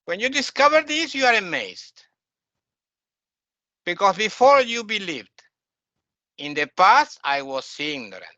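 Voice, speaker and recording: A man's voice: high-pitched, sing-song, unhurried, pauses often, bright, forceful tone, no room sound. A man teaching a spiritual lecture, explaining terms patiently and asking his listeners questions.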